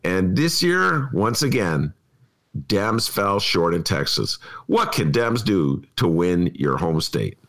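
A man's voice: low-pitched, slow pace. A man from Chicago who hosts a political podcast, asking questions and telling stories in a loose, chatty way with laughing asides. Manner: lively storytelling, laughing asides. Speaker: podcast host. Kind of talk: casual political interview.

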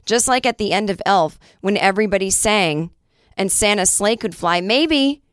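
A woman's voice: medium pitch, normal speed, clean tone, dry recording, clean studio sound. A woman hosting a podcast in a casual monologue, joking and swearing, a little short of breath. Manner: profane, joking, animated. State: trouble breathing. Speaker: podcast host.

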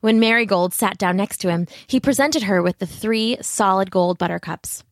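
A woman's voice: medium pitch, moderate pace, dry recording, clean studio sound. A woman narrating a fairy tale steadily, with asides to the listener. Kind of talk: storybook narration.

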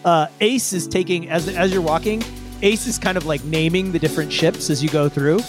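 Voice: mid-range voice, a little fast, over music. A game master narrating a tabletop game in a chatty way, explaining with many fillers.

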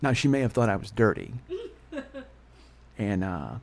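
Fast-talking, candid male podcast host. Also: on the low side, sing-song, creaky, a little mellow. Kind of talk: storytelling monologue.

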